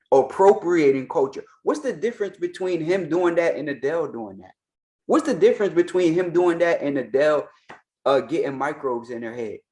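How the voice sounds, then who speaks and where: A man hosting a reaction commentary, ranting in a heated, mocking and profane way. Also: on the high side. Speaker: host, Orisha priest.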